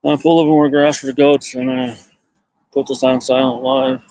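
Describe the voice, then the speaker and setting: A man live-streaming outdoors from his farmyard on a phone, rambling to viewers and talking softly to his goats. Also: medium pitch, little pitch movement, moderate pace, dry recording, rough recording. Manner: rambling, talks softly to animals. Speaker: livestreamer tending goats. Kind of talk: casual live-stream monologue.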